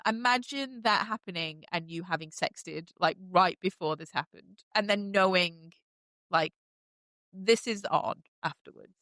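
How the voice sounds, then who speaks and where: On a dry recording, a podcast host with a medium-pitched, slightly bright voice chats casually through a TV show recap. Her delivery is gushing and sprinkled with many fillers.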